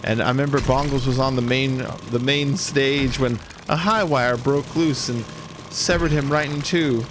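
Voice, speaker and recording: A man's voice: medium pitch, fairly even intonation, moderate pace, background noise, pitched above the performer's own voice, natural voice. A man voicing an awkward, mopey middle-aged woman playing a schoolgirl, in a sing-song storytelling lilt. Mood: morbid storytelling.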